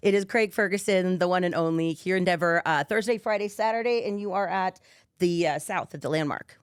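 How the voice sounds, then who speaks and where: A chatty woman from Colorado hosts a radio interview. She laughs easily and leans on "like". Her voice sits fairly low, and the studio sound is dry and close. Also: brisk, clear, resonant tone, dry recording. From Colorado, USA. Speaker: radio host. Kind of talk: casual radio interview chat.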